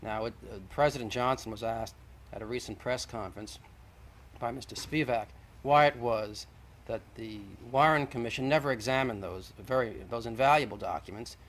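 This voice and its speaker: A man's voice: mid-range voice, slight background noise, low-quality recording. Man arguing insistently, point by point. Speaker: guest. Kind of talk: televised debate.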